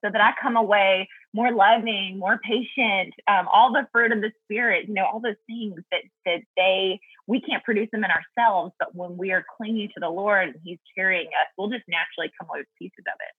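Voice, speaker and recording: A woman's voice: mid-range voice, brisk, hardly any pauses, breathy edge, no echo, phone-quality sound. A woman guest talking earnestly and thoughtfully about Bible study in a casual faith chat, laughing easily.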